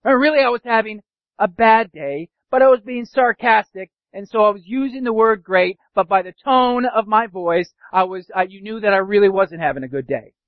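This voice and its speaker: Man, pastor, animated sermon, high pitch, muffled recording. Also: normal speed, no echo. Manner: animated preaching, mimics sarcastic voices. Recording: dull dry lo-fi sound.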